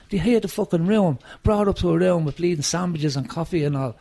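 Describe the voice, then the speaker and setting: A man's voice: a little high, fast, creaky. A man with a Dublin accent talking casually in an interview, telling stories with plenty of swearing and heat. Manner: sweary, animated storytelling. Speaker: rock singer, guest.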